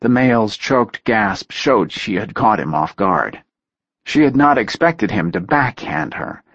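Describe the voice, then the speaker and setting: Husky low-voiced man narrating a story. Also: lively intonation, a little slow, fairly bright tone, no room sound, dull audio. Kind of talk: audiobook narration.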